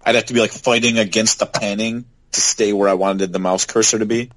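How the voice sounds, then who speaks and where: A man's voice: fairly low pitch, fairly even intonation, fairly quick, fairly bright tone, no room sound, low-quality recording. A man co-hosting a podcast in casual chat, talking thoughtfully and asking reflective questions. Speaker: podcast co-host.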